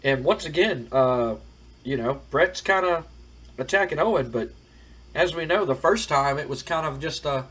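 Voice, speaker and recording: Husky-voiced guy recapping a game. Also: on the high side, animated, moderate pace, a bit bright. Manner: rambling, loose retelling with frequent fillers. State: dry throat. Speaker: game commentator. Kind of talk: casual game playthrough recap.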